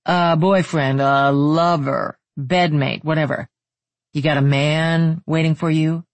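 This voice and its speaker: A man's voice: fairly high pitch, fairly even intonation, takes it slowly, no room sound. A narrator voicing an arrogant, leering male trailer park manager who taunts with a smug drawl. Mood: taunting.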